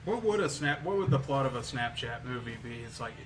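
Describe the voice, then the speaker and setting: A man's voice: mid-range voice, lively intonation, fairly quick, distant mic, music in the background. A man co-hosting a podcast in casual chat, rambling and laughing along. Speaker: podcast co-host. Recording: noisy background.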